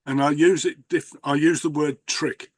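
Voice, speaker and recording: A man's voice: on the high side, fairly even intonation, moderate pace, dry recording. A man hosting a conversation, telling rambling stories with many restarts. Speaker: host, magician. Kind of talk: casual conversation.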